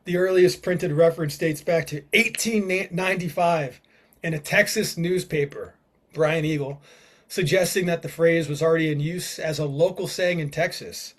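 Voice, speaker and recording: A man co-hosting a podcast in relaxed, casual chat. His voice sits a bit high for a man, and his delivery is playful and full of laughter. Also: moderate pace. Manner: laughs often, playful, reads aloud from a screen. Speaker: podcast co-host.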